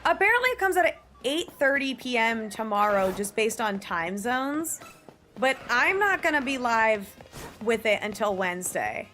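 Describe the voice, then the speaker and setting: A woman streams a game live, chatting casually, then breaking into frantic shrieks and shouts whenever she gets scared. Her voice is a little high.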